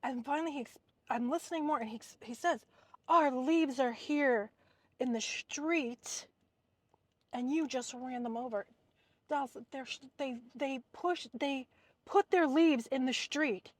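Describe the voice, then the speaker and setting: A woman's voice: on the high side, no room sound. A woman vlogger chatting casually in a car, telling a neighbor story and acting out the people in it. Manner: animated, acts out quoted people.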